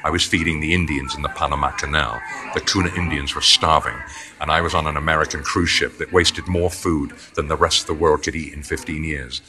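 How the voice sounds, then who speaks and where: An English man in his seventies with a deep voice, rambling through long anecdotes as an interview guest. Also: fairly even intonation, a little fast, pushed and bright. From England. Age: 70s. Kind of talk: anecdotal storytelling. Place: indoors near a corridor.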